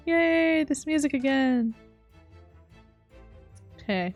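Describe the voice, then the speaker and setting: A woman hosts a let's play with giggly, amused asides between the game scenes. Her voice sits fairly high. Faint game music plays underneath. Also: takes it slowly, warm tone. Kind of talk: game commentary.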